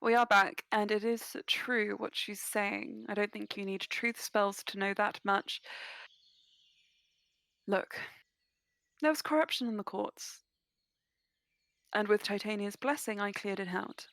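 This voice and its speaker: A woman's voice: mid-range voice, measured pace, long pauses, a bit bright, no room sound. A woman playing a cool, confident fey woman. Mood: firm.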